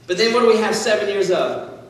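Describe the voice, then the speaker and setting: A man with a high voice tells a Bible story as a laid-back sermon, chatty and animated, with plenty of "like" and restarts. He is heard from far off in a large hall, and his words ring in a long, echoing reverb. A faint hum of noise sits underneath. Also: fairly quick. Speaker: student speaker.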